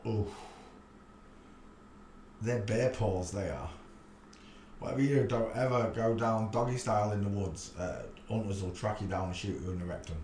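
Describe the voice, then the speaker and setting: Low-voiced man rambling on a livestream. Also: moderate pace, pauses often, darkish tone. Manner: rambling, thinking aloud, crude jokes. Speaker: livestream host. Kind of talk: casual livestream commentary. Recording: echoey room, faint background noise.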